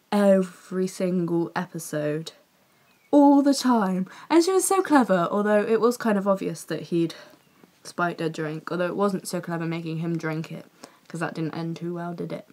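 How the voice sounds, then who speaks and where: A young woman vlogging a chatty, gushing review to camera, excitable, with many fillers and restarts. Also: mid-range voice. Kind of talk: casual chat to camera.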